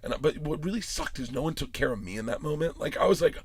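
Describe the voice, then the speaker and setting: A man's voice: on the high side, quick pace, slightly rough, dry recording. A man in his forties telling a wild story in casual podcast chat, swearing freely and acting out the quotes. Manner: animated storyteller, swears often, acts out quotes. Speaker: podcast guest.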